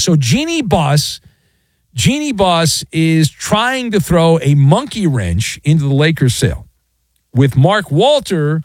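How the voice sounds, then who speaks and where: A man's voice: a little high, no echo. Guy ranting about sports ownership drama, jokey and theatrical, voice swinging all over, pretty dry sound. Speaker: sports commentator. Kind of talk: animated solo sports commentary.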